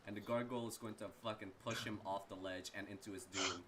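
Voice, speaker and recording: A man's voice: lowish voice, steady tone, quick pace, very noisy. A man narrating a tabletop game as game master, in a loose, rambling, profane way.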